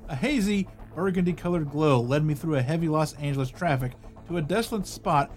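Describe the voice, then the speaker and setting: A man reads out an earnest aircraft worker giving sworn-sounding testimony in a raised, fairly high voice. The words come out firm and declarative. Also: brisk, faint music behind, close to an everyday voice. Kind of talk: reading quoted testimony aloud.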